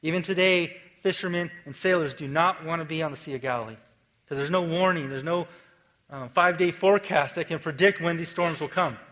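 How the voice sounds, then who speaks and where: A male pastor delivering a sermon in a relaxed, everyday manner. His voice sits a little high. He swings from animated bursts to soft, near-whispered passages. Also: a little fast, rough recording. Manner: conversational, swings from energetic to hushed.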